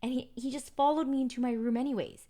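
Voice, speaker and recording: A woman's voice: high-pitched, steady tone, fast, dark tone. A young adult woman streamer casually telling her chat an exasperated story, full of back-and-forth retellings.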